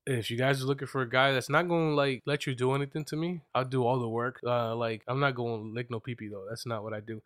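A man's voice: medium pitch, fast, hardly any pauses, a bit bright. A man in his late twenties hosting a podcast, chatting casually with jokey, boastful banter. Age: late 20s. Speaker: podcast host. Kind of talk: casual chat.

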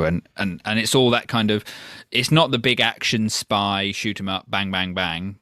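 A man co-hosting a casual film review chat, jokey and quick to put on mock-posh voices. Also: on the low side, sharp tone, no room sound, studio quality. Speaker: film podcast co-host.

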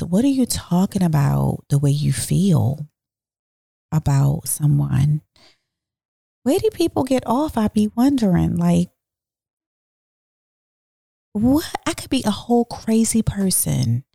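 A woman hosting her own podcast, telling a personal story in a blunt, animated way, swearing freely and talking straight to her listeners. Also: lowish voice, vocal fry, dry recording, studio quality. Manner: speaks directly to listeners. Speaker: podcast host. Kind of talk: casual storytelling monologue.

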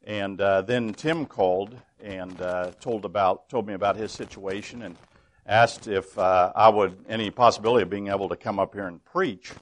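A man in his sixties, a guest preacher giving a humorous sermon to a congregation in the folksy, halting style of a storyteller. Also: lowish voice. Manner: folksy storyteller, many ums and restarts. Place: church with a full congregation.

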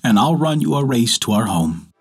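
A man's voice: mid-range voice, sing-song, moderate pace. A man playing a brave, caring young hunter in a folktale, calling out urgently in a raised voice. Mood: warm.

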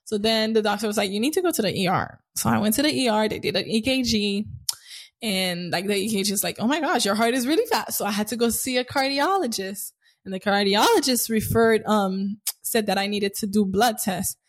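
A woman in her twenties with a mid-range voice chats casually at a fairly quick pace. She's an animated storyteller, acting out the voices of the people in her tales.

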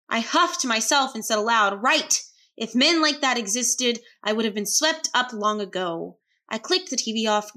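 A woman's voice: medium pitch, vocal fry, pushed and bright, no room sound. A woman narrating a first-person romance story in a chatty, wry manner.

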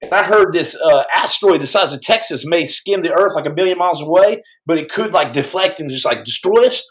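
Animated male storyteller, slightly high voice. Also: fairly quick, low-quality recording. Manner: animated, stumbling restarts, acts out quotes. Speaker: podcast host and storyteller. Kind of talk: casual spoken storytelling.

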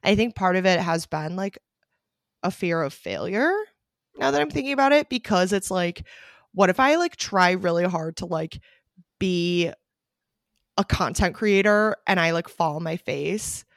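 A woman co-hosting a casual podcast, talking candidly and swearing freely, leaning on "like" and jumping up high when she quotes herself. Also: unhurried, vocal fry, no room sound, studio quality. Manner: animated, jumps high when quoting herself. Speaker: podcast co-host. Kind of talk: casual chat.

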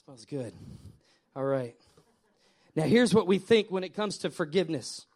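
A male pastor delivers a sermon in a fairly high voice. He talks straight to his congregation, repeating phrases and swelling to emphatic peaks before dropping back down. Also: measured pace. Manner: animated, repetitive preaching that swells and drops; addresses the congregation directly.

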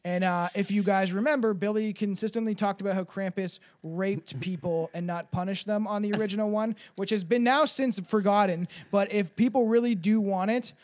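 High-voiced profane podcast man. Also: fairly even intonation, fairly quick, hardly any pauses. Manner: profane, rambling, laughs often. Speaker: podcast host. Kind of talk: casual podcast banter.

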